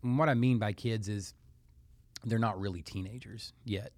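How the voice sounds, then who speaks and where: A man co-hosting a podcast, thinking out loud in a reflective, casual manner. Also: fairly low pitch, steady tone, moderate pace, dry recording, studio quality. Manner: reflective, thinks aloud with light laughs. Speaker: podcast co-host.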